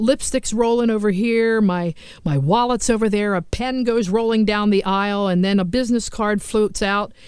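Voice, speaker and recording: A woman's voice: mid-range voice, clean tone, no echo. Woman telling stories, dry and close. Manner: animated, self-mocking, acts out quoted lines. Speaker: host telling funny stories. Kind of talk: storytelling monologue.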